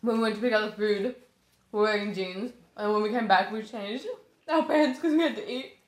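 A woman's voice: medium pitch, fairly quick. A woman hosting a casual podcast chat, telling stories with lots of swearing and laughter. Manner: animated storyteller, swears freely, laughs often. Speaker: podcast host. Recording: echoey room.

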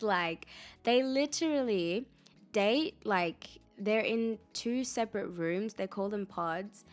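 A young adult woman hosting a casual solo podcast, chatty and animated, laughing often and acting out her own reactions. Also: medium pitch. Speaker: podcast host.

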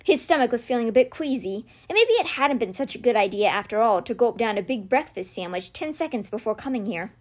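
A woman reading a children's novel aloud in a steady, gentle storytelling manner. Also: fairly high pitch, brisk, few pauses. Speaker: read-aloud podcast host.

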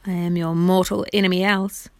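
A woman's voice: on the low side, level tone, moderate pace, no echo, close to an everyday voice. Woman doing a commanding enchanted prince. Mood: menacing. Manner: formal, old-fashioned royal speech. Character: enchanted knight prince, man, proud and commanding.

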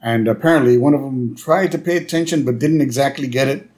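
A man's voice: medium pitch, a little fast, darkish tone. A man co-hosting a podcast, chatting about a cartoon episode and telling stories from his teaching. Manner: chatty storyteller, quotes dialogue with voices. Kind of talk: casual chat recapping a cartoon episode.

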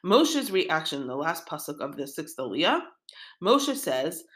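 A woman teaches scripture in a relaxed, talk-it-through way. Her voice sits fairly low, yet her pitch rises and falls a great deal. She works through ideas aloud and keeps adding "right?". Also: measured pace. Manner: conversational, thinks aloud with frequent "right?" asides. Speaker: Torah teacher. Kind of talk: casual spoken Bible lesson.

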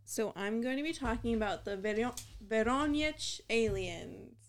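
A woman co-hosting a podcast in casual chat, quick to laugh and tripping over hard names. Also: a little high, expressive, gravelly. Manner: laughs easily, stumbles over foreign names. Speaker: podcast co-host.

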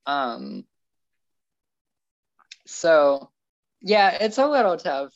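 A woman's voice: low voice, sing-song, extremely slow, vocal fry, muffled recording. A woman co-hosting a casual chat, hesitant and full of fillers and restarts. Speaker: podcast co-host.

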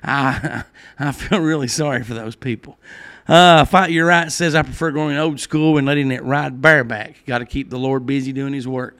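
A man's voice: medium pitch, fairly even intonation, normal speed, fairly bright tone. A middle-aged man hosting a casual podcast, telling rambling stories and laughing at his own jokes. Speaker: podcast host. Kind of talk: casual chat.

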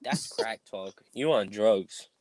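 A man's voice: fairly low pitch, slow pace, crowd noise. Man bantering loosely on a podcast. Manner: joking, loose slangy banter. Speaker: podcast co-host. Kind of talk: casual chat.

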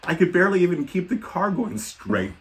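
A man's voice: high voice, big pitch swings, a little fast. Rambling man telling a dad story. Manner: rambling, self-deprecating, many ums and likes. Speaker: podcast co-host. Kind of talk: casual storytelling chat.

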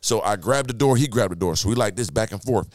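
A man telling a wild story as a podcast guest, animated and profane, acting out the scene with sound effects. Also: lowish voice, fast talker, no echo, clean studio sound. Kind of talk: casual storytelling.

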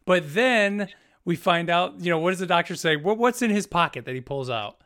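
Male co-host, lighter pitch, lively storyteller who acts out quotes. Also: a little fast. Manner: animated, acts out quoted lines. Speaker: podcast co-host. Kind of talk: casual chat.

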